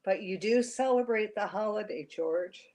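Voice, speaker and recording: Solemn mysterious stranger, calm and otherworldly read by a woman. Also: mid-range voice, unhurried, lightly acted. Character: serene mysterious divine male stranger.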